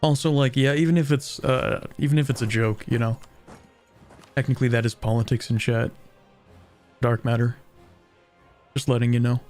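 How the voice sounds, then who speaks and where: A man's voice: mid-range voice, fairly even intonation, normal speed, pauses often, darkish tone, soft background music. A young man from southern Ontario with a Canadian accent, streaming a strategy game, chatting casually, thinking aloud and poking fun at himself. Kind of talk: casual gameplay commentary, reading chat.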